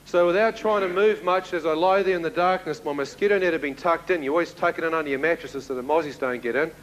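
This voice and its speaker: A middle-aged man giving a testimony, retelling events vividly with sudden shouts and chuckles. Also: fairly high pitch, fast, slight background noise, poor audio. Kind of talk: dramatic storytelling to an audience.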